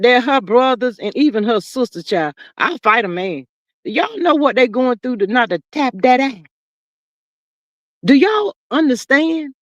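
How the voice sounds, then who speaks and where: A woman hosting a livestream, talking casually and animatedly, swinging between loud outbursts and low murmurs. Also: no room sound, clean studio sound. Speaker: livestream host.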